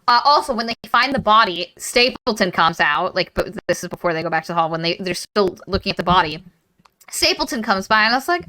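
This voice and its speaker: A woman hosting a casual book club podcast, retelling a novel with profanity and quick put-on character voices. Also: lowish voice, rough recording. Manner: animated, profane, acts out characters in silly voices.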